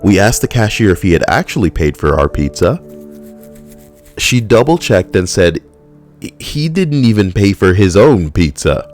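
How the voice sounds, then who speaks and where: A man hosting a comedy video, reading out a funny list and making sarcastic, quick asides. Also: fairly low pitch, very animated, a little mellow, faint music behind. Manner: sarcastic, quick asides, laughs at own jokes.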